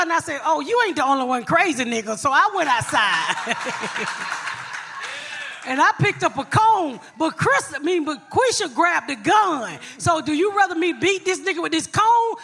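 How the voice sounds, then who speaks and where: A woman's voice: sits high, big pitch swings, normal speed, gravelly, sharp tone. A woman podcast host telling profane comic stories on a live stage, brash and blunt, laughing through her tales.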